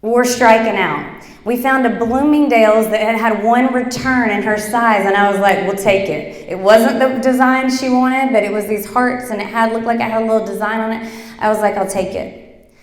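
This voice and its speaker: Animated woman speaker in an echoey hall. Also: on the high side, moderate pace. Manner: animated, chatty, many fillers. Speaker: workshop speaker. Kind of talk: motivational talk with storytelling.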